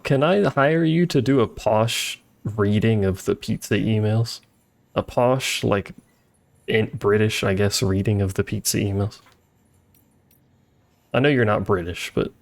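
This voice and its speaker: A man streams a game with casual, joking commentary and chats with his viewers, faint game music behind him. His voice is on the low side and unhurried, with vocal fry and long pauses.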